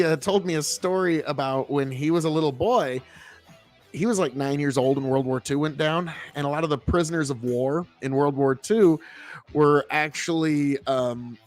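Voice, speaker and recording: A man with a notably high voice talks through a casual livestream, rambling loosely from one thought to the next. He swears freely and gets excited easily. Soft music plays faintly behind him. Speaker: livestream host and seed farmer.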